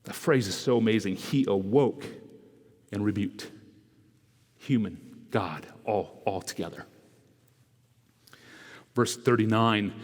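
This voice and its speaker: A male preacher giving a conversational sermon, tossing in rhetorical asides and swinging between loud, quick bursts and hushed, slow lines. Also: mid-range voice, expressive. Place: church sanctuary. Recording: echoey church hall.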